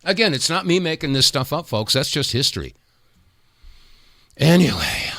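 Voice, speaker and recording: A man's voice: fairly high pitch, huge pitch swings, normal speed, a bit bright, no room sound, studio quality. A man hosting a talk radio show, talking in a folksy, emphatic way and calling his listeners folks.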